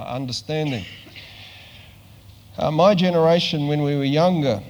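An older man from New Zealand preaching in a relaxed, conversational way, with dry humor and frequent little hesitations. His voice sits a bit higher than most men's, and it rings out with a long reverb in a big hall. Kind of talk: sermon.

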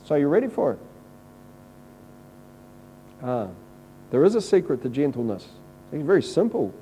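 A man's voice: on the high side, big pitch swings, normal speed, warm tone, rough recording. A man preaching a conversational, earnest sermon and quoting scripture. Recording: faint mains hum.

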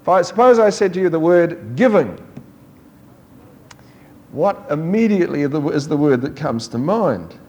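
Animated preacher man. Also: normal speed, pauses often, a little hiss or hum. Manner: animated storytelling, acting out quoted voices with rising pitch. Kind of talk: sermon.

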